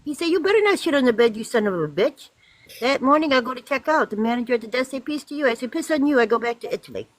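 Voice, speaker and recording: A woman's voice: high voice, expressive, rapid-fire, dry recording, rough recording. A woman putting on an Italian man's voice, telling a crude joke in broken English. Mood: joking.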